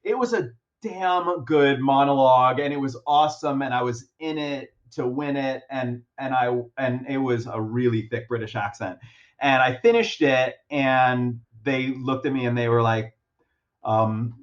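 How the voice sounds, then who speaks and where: A man's voice: mid-range voice, measured pace, lo-fi sound. A man speaking as a guest in a casual interview. He tells a story at length, with many fillers and restarts, and laughs often. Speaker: guest actor.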